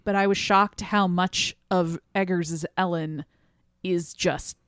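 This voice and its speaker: A woman co-hosting a casual film podcast, animated and quick to laugh, sometimes acting out characters in a raised voice. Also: clean tone, no echo, studio quality. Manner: animated, laughs often, acts out characters in a high voice. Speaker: podcast co-host.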